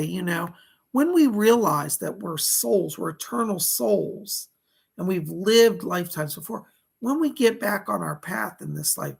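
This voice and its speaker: A male psychic medium giving live-streamed readings, his hoarse voice rough and gravelly. He talks in a chatty, folksy way and thanks his viewers by name, with a husky edge under his words. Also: sits high, a bit bright, low-quality recording.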